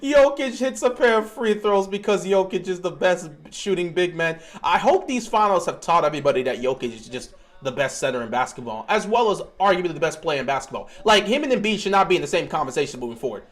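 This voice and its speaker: Young male streamer, high and very animated voice, excitable live game reaction. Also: fast talker, few pauses. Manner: excitable, swings from mumbling to shouting.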